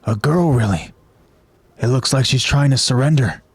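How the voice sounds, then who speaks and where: A man voicing a weary, reluctant male soldier who speaks in a flat, unwilling way. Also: medium pitch, moderate pace, breathy edge, dry recording.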